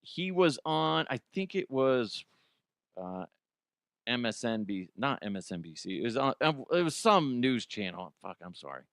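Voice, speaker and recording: A man's voice: medium pitch, sing-song, normal speed, fairly bright tone, dry recording, studio quality. A man hosting comedic news commentary, rambling, jokey and profane. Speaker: host.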